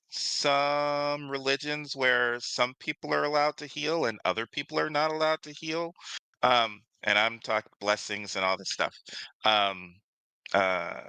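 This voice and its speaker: A man's voice: medium pitch, gravelly, bright, forceful tone, clear, resonant tone, no echo, rough recording. A man co-hosting a casual discussion, talking with many fillers and restarts. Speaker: podcast co-host.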